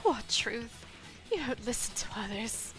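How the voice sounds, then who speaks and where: Brief: a quiet, controlled young woman under accusation, put on by a woman, low and soft in a game scene with music. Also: animated, a little slow. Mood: cold. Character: composed young woman, a cornered suspect. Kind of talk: reading game dialogue aloud.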